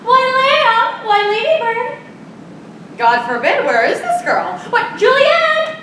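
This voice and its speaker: A woman's voice: high voice, sing-song, a little slow, a bit bright, recorded from a distance, slight background noise, full character voice. A woman playing a bawdy, chattering old nurse who rambles and giggles, acting live on a theater stage. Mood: chatty. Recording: roomy stage sound from afar.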